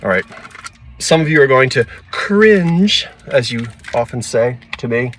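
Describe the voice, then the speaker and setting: A man's voice: mid-range voice, lively intonation, a little slow. Chatty South Jersey man thrifting. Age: 40s to 50s. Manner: chatty, talks to himself while browsing. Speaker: antiques vlogger. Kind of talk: casual thrifting vlog. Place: thrift store aisles, then a parked car.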